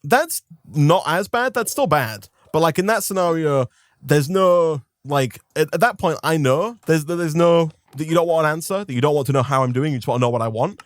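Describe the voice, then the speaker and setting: A young man ranting about a pet peeve in casual banter, animated and mock-outraged. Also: on the high side, normal speed, no echo, studio quality. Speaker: co-host.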